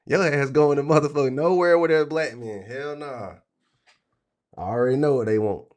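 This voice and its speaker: A man hosting a livestream, talking in a blunt, crude, animated rant full of profanity. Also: fairly high pitch, normal speed. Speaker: trading stream host.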